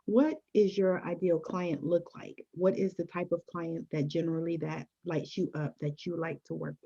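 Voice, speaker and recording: A woman's voice: lowish voice, steady tone, moderate pace, creaky, warm tone, breathy edge. A woman hosting a podcast interview, enthusiastic and chatty with frequent fillers. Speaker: podcast host. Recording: dull lo-fi audio.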